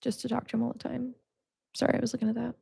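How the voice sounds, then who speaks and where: Chatty young woman with gravelly fry. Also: a little high, flat delivery, very fast, mellow, no room sound, clean studio sound. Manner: chatty, laughs often, many "like" fillers. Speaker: podcast host. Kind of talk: casual faith teaching.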